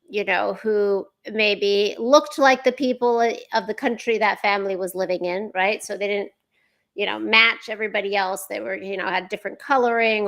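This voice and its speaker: A woman's voice: mid-range voice, a bit bright. Woman author talking over a video call. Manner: conversational storytelling, many fillers. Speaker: guest author.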